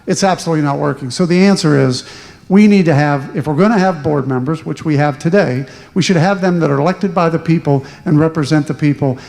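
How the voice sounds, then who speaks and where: Candidate guy at a town hall, slightly high voice, repeats himself for emphasis, echoey room. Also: vocal fry, darkish tone. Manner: emphatic, repeating points for stress. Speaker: political candidate on a panel.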